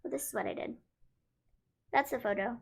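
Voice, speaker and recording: A woman's voice: fairly high pitch, fairly quick, creaky, breathy edge. A woman co-hosting a casual wrestling talk stream, playful and trailing off mid-sentence. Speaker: wrestling podcast co-host. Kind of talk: casual chat on a live stream.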